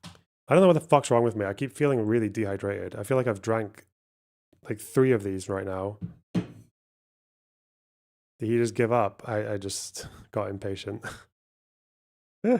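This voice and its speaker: A man's voice: fairly low pitch, normal speed, creaky, long pauses, a little mellow. A man hosting a live stream, reading out donations and thinking aloud over a word puzzle, muttering and swearing as he goes. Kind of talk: casual live stream chat.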